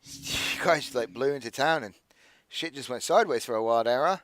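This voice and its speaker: A man's voice: mid-range voice, lively intonation, a bit bright, slight background noise, lightly acted. A man voicing a brash, hard-drinking male rogue in a tavern who talks bluntly, curses freely and slurs his words. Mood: hushed, confiding. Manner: slurring, blunt, quick to curse.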